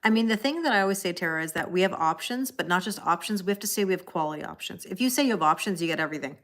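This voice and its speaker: A woman's voice: lowish voice, expressive, very fast, fairly bright tone. A middle-aged woman hosting a live tarot reading, chatting casually, laughing often and answering viewers' comments. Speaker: tarot reader hosting a livestream.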